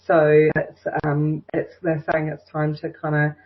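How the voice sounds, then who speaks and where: A woman's voice: low voice, monotone, measured pace. A woman giving an intuitive reading over a video call, effusive and encouraging, heaping praise on the caller. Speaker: intuitive reader. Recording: muffled lo-fi video call audio.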